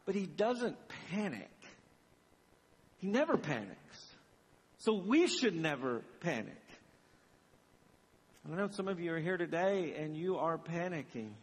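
A man's voice: fairly high pitch, slightly rough, long reverb tail. A middle-aged man preaching a sermon as pastor, telling stories animatedly and acting out the dialogue. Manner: animated storytelling, acts out dialogue.

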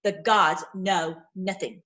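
A woman giving an informal, impassioned sermon, swinging between loud outbursts and low murmurs, with many repeated words. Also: fairly even intonation, slow, dull audio. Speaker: preacher.

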